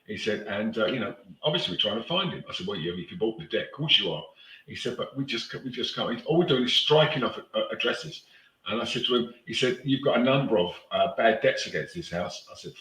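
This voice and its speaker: A man's voice: medium pitch, bright, forceful tone, roomy sound, rough recording. A man in casual chat, rambling and blunt, swearing freely as he talks. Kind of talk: casual live-stream chat.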